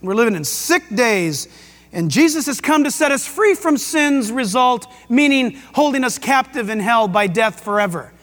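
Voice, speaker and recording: High-voiced excitable preacher in a hall. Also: male voice, moderate pace. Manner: excitable, emphatic preaching with jokes and rhetorical questions. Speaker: pastor. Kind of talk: sermon. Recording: long hall reverb.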